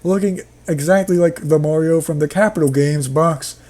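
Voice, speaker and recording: This man's voice sits on the high side with a dark tone, delivered at a normal speed. Acting as reader and commentator, he narrates a horror story while sarcastically mocking it, often laughing or bursting out.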